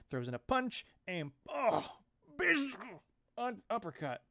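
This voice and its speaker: A man's voice: very high voice, huge pitch swings, slow pace, creaky, sharp tone, no echo, clean studio sound. A man in his thirties reading a comic aloud and commenting on it in a chatty way, with wry asides.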